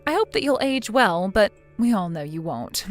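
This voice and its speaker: A woman voicing a cool, sarcastic young wife in a scripted text-message drama, mocking quietly. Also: medium pitch, very animated, normal speed, soft background music, lightly acted.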